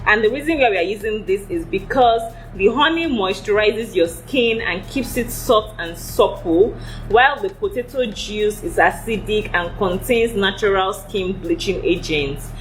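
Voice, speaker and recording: A woman vlogger walking viewers through a homemade skincare recipe in a steady, instructive tone. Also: medium pitch, moderate pace, soft background music, low-quality recording. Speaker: beauty vlogger.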